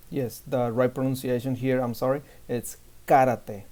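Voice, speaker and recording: A man's voice: mid-range voice, fairly even intonation, moderate pace, few pauses, warm tone. A man teaching a beginner Spanish lesson, saying each letter and word three times for learners to repeat.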